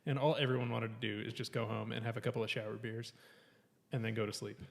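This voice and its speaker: A man's voice: medium pitch, level tone, quick pace, vocal fry, long reverb tail. A man telling a long story on a casual podcast, swearing often, laughing between lines and acting out what others said. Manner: profane, laughing, quotes people animatedly.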